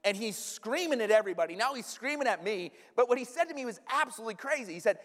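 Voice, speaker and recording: A male pastor preaching a sermon, mixing scripture teaching with funny personal stories and quick questions to the congregation. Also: sits high, big-room sound. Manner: animated storytelling with humorous asides to the congregation. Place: church sanctuary.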